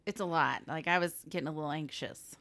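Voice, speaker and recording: A woman's voice: deep voice, fast, fairly bright tone. A woman co-hosting a podcast, reacting to the story in casual chat and laughing often. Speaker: podcast co-host.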